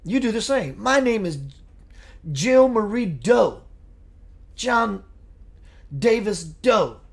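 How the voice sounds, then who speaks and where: Gentle, earnest spiritual teacher, man. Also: sits high, big pitch swings, slow pace, vocal fry. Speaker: spiritual teacher hosting a live show. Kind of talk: live spiritual talk reading viewer comments.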